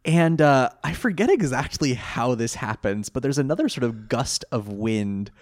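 A man in casual podcast chat who rambles, swears freely, and laughs often as he recaps a cartoon. His pitch swings widely and stays animated throughout. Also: moderate pace. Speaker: podcast co-host.

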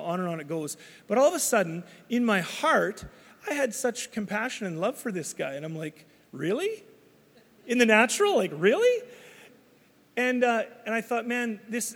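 Man, pastor, conversational sermon, somewhat higher pitch, long church-hall reverb. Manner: storytelling, conversational, many restarts.

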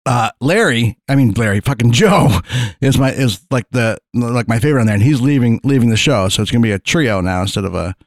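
A man's voice: medium pitch, lively intonation, a little fast, no room sound, clean studio sound. A man on a casual podcast, joking with friends, swearing freely and laughing often. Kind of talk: casual chat.

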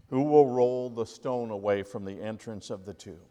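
A male minister preaching a sermon, reading scripture aloud with dramatic pauses and emphasis. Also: lowish voice, warm tone, faint music behind. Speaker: interim lead minister. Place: church sanctuary. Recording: long reverb of a large hall.

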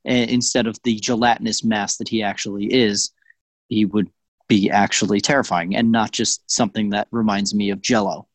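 A man's voice: lowish voice, steady tone, normal speed, dry recording. A man co-hosting a podcast, telling jokey, exaggerated stories in casual banter. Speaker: podcast co-host. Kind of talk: casual comedic chat.

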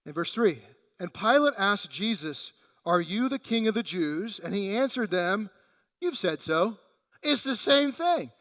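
A man's voice: high voice, big pitch swings, a little slow, a bit bright, big-room sound. A man preaching a sermon in a conversational way, acting out the quoted voices in the passage. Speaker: pastor.

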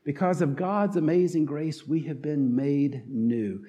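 This lay preacher is a middle-aged North Carolinian whose Southern-accented voice sits fairly high, warm and measured, captured on lo-fi audio. He preaches earnestly and folksily, filling gaps with plenty of "uh."

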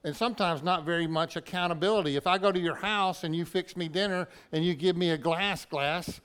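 A man's voice: high-pitched, a little fast, a bit bright, clean tone. A man preaching a sermon in a church, talking to the congregation in a plain, conversational way with everyday examples. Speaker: pastor.

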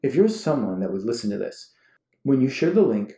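A man in his thirties co-hosting a podcast from home, his voice mellow and dark even when he gets worked up. He talks in an animated, ranting way, and the room around him sounds echoey. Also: medium pitch, brisk. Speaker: podcast co-host. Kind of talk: casual chat with spouse. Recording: roomy home recording.

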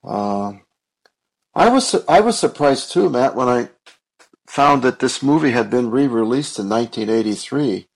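Husky, gravelly male podcast co-host. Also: mid-range voice, animated, normal speed, rough recording. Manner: thoughtful, hesitant with fillers. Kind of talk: casual chat.

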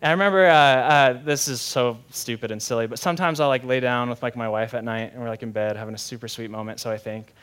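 A man's voice: mid-range voice, fast talker, few pauses, fairly bright tone, smooth. A young adult man, a pastor preaching a sermon in a conversational, candid way with self-deprecating humor.

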